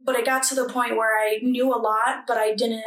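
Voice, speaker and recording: A woman's voice: on the high side, little pitch movement, moderate pace, a bit bright, far from the mic. Chatty young woman in an echoey room. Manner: chatty, many fillers and restarts. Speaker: guest. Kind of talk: casual interview. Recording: echoey room, a bit off mic.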